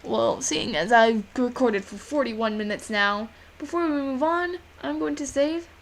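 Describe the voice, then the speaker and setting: A young woman hosting a let's play, reading the game's lines aloud and chatting in an animated, giggly way. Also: fairly high pitch, slight background noise, rough recording. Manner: animated, giggly, drawn-out sign-off. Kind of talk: reading game text aloud and casual commentary. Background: game music.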